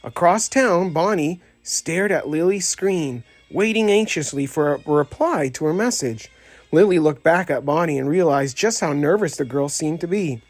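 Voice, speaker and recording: A man with a fairly high voice reads a children's story aloud at a normal speed, voicing every character as an expressive audiobook narrator. The scripted recording is dry, with faint music in the background.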